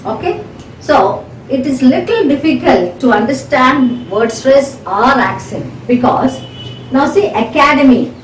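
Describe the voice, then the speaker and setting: A woman's voice: sits high, animated. Woman teaching in an echoey room. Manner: explanatory, repeats example words slowly with checks like "got it?". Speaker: English teacher. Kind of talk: classroom-style video lesson. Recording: echoey room, voice from a distance, faint noise.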